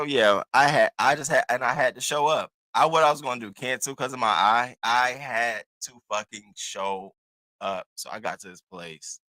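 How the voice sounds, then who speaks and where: A man hosting his own channel, telling a casual story to his viewers in an animated, profane, chatty way. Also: mid-range voice, normal speed, dry recording. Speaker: host.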